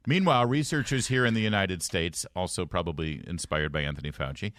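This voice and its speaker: Guy on morning talk radio, lowish voice, cracking wry jokes over the news, dry studio mic. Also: fairly quick, fairly bright tone, dry recording. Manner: wry, joking, reads news items aloud. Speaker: radio talk show host.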